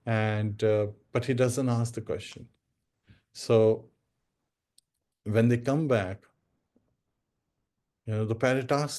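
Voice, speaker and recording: A man's voice: medium pitch, steady tone, slow, pauses often, a little mellow. A man giving a devotional discourse, telling a story and addressing listeners as devotees. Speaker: spiritual speaker.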